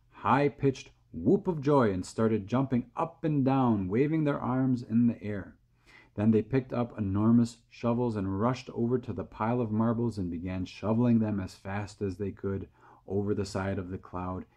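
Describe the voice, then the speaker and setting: A man calmly reading a children's storybook aloud, close to the camera mic. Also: fairly low pitch, a little slow. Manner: calm, steady reading.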